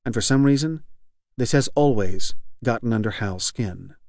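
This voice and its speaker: A man reading literary fiction aloud as an audiobook narrator, measured and even. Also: medium pitch, dry recording, clean studio sound. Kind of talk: scripted narration.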